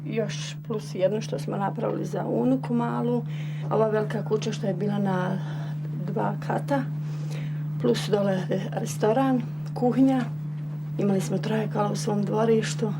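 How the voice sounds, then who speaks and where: An older woman, a survivor, quietly recounting in an interview. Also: mid-range voice, gravelly, heavy background noise.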